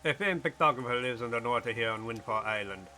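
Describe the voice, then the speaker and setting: A man's voice: medium pitch, fast talker, bright, forceful tone, soft background music. A man voicing a chatty male fish who passes on island gossip in a put-on Jamaican-sounding accent. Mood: gossipy.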